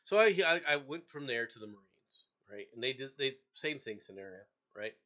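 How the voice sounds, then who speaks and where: A middle-aged man hosting a relaxed chat show, spinning a long story with lots of stumbling repeats. His voice is bright and lively, rising and falling as he acts out other people. The sound is a little dull and lo-fi. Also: medium pitch, fairly quick. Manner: animated, acts out quoted voices, laughs often, repeats words. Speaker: show host.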